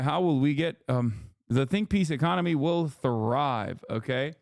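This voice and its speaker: Male streamer, casual profane rant, smooth clear voice, dry close sound. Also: fairly high pitch, moderate pace, hardly any pauses, dry recording. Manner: profane, ranting, animated rambling. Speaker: streamer host. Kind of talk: casual livestream commentary.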